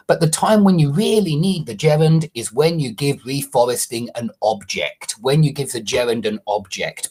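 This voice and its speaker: A man's voice: mid-range voice, a little mellow, slightly rough. A man teaching English online, walking through corrections to a student's essay and explaining each change, often checking understanding with a questioning "yeah?".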